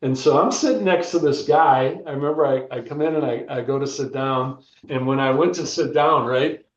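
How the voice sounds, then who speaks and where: An older American man, a former football player, telling animated stories in a casual interview and often asking "right?". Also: mid-range voice, normal speed, recorded from a distance. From United States. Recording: roomy, dull lo-fi sound.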